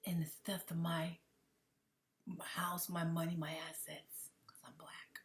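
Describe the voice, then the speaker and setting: Low-voiced woman giving emotional commentary. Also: little pitch movement, takes it slowly. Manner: emotional, often dropping to a whisper, repeats herself. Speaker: commentary vlogger.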